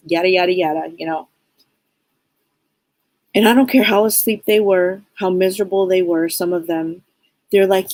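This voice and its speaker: A woman's voice: medium pitch, fairly even intonation, normal speed, long pauses, a little mellow, no echo, poor audio. A woman hosting a casual live stream as a psychic, talking to viewers in an upbeat, rambling way and often repeating her phrases.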